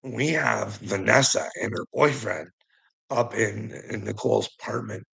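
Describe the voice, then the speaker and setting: A man with a gravelly, rough-edged voice tells a rambling personal story, cursing freely and chuckling as he goes. His tone is bright and forceful, with a husky grain. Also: lowish voice, unhurried, poor audio. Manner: profane, rambling, laughs often. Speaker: vlogger. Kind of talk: casual storytelling monologue.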